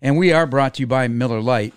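Male podcast host, smooth clear voice, slightly high, dry close studio sound, flatly denies the teasing. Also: fast talker, dry recording. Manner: dry, denying and teasing back. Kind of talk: casual sports podcast chat.

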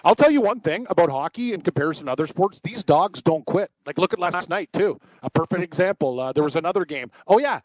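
A man rattles through his betting losses at a rapid clip, his voice sitting a little high. He sounds excitable and self-deprecating as he rambles. The recording is dry and close. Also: no echo, low-quality recording. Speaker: sports betting podcast co-host. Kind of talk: casual sports betting chat.

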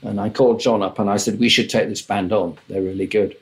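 An older man spins wry, lively tales from his years in the music business. He slips into other people's voices as he quotes them, with the easy pacing of an interview guest. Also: fairly low pitch, a little fast. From England. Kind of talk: anecdotal interview storytelling.

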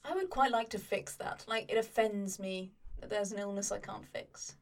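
A woman's voice: medium pitch, normal speed, recorded from a distance. A woman playing a tabletop role-playing game, chatty and hedging. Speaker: player. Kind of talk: casual tabletop play. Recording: voice from off the mic.

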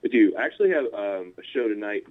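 A man with a fairly low voice and a Californian American accent talks with lively intonation as a punk musician guest in a laid-back interview. His rambling speech is heavy on "like" and "you know," punctuated by quick chuckles, and the recording is tinny, like a phone line.

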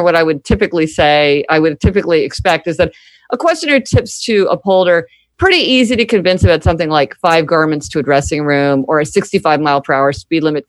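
A woman's voice: fairly low pitch, no room sound. Articulate woman expert on a podcast, springs into quoted voices; dry, close mic. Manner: articulate, acts out quoted people in lively voices. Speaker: author and guest expert. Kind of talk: podcast interview, explaining.

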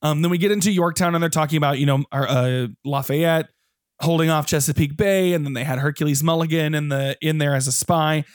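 This podcast co-host's voice is a little high and a little fast, captured in clean studio sound with no room sound. He chats excitedly about a stage musical, casually swearing along the way.

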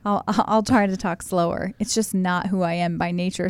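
A woman co-hosting a podcast with her husband, a self-described fast talker in casual chat. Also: lowish voice, fairly even intonation, clean tone. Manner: fast-talking, laughs often. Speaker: podcast co-host.

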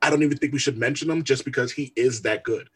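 A man's voice: medium pitch, fast, fairly bright tone, husky. A man co-hosting a podcast in casual chat, laid-back and laughing often. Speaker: podcast co-host.

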